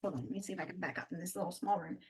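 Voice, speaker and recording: A woman's voice: fairly low pitch, fairly even intonation, racing, breathy edge. A woman teaching a beginner sign language class over a video call from a small room, explaining step by step in a chatty way and laughing often.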